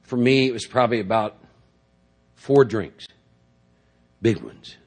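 Husky middle-aged man telling his story. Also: mid-range voice, measured pace. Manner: rambling storytelling, frequent "you know" and "see?". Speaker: speaker at a recovery meeting. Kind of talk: personal recovery talk to a group. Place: in front of a large audience.

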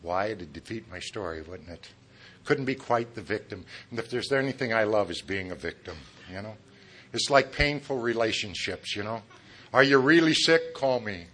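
A middle-aged man tells his story at a recovery meeting, turning his own failings into jokes. His voice is bright and forceful, and he keeps chuckling at his own lines. He throws asides straight at the listeners. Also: lowish voice, expressive, moderate pace, slight background noise. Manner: talks straight to the audience with asides. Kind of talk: humorous personal testimony.

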